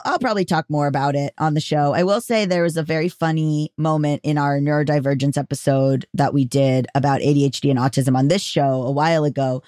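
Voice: medium pitch, darkish tone, dry recording. A podcast host talks through listener mail in a loose, rambling way, often restarting sentences and poking fun at themself. The voice sits in the middle range. The recording is dry and close, with no room sound. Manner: rambling, self-deprecating, frequent restarts. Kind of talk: casual solo podcast talk.

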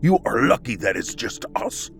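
A man voicing the angry ghost of an older man who speaks slowly and gravely. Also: mid-range voice, sing-song, fairly bright tone, soft background music, voice pushed up. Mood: bitter.

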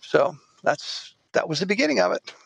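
Gravelly-voiced male investigator guest. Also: sits high, wildly swooping pitch, normal speed, fairly bright tone, dry recording. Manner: rambling, restarts often, laughs easily. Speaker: former DEA agent, now private investigator. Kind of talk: casual interview chat.

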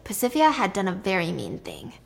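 A woman's voice: medium pitch, moderate pace, a bit bright. A woman casually retelling a myth in a chatty, irreverent way, swearing now and then. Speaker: storyteller.

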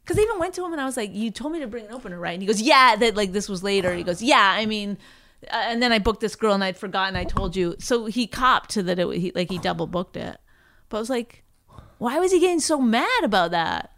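A woman comedian tells a meandering story in casual conversation, starting over and putting on quick voices for the people she quotes. Her pitch sits in the middle range. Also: lively intonation, a bit bright. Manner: rambling storytelling with many restarts and quoted voices. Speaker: stand-up comedian, podcast co-host. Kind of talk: casual chat.

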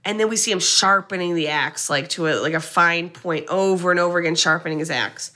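A young woman chats through a film's plot in an animated, casual way. Her voice is bright and clear. She slips into the characters' lines as she goes. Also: fairly low pitch, brisk, hardly any pauses. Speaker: podcast co-host. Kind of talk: casual chat recapping a film.

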